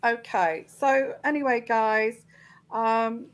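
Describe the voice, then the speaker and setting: A woman's voice: fairly high pitch, slow, poor audio. A woman hosting her own live tarot show, talking to viewers with many ums and restarts. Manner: hesitant, full of ums and restarts, indignant at trolls. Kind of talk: live-stream chat to viewers.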